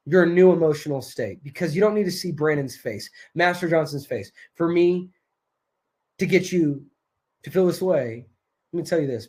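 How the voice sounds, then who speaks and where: A man coaching a live online masterclass, moving between hyped, self-assured motivational talk and soft hypnotic repetition that drops almost to a whisper. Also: on the high side.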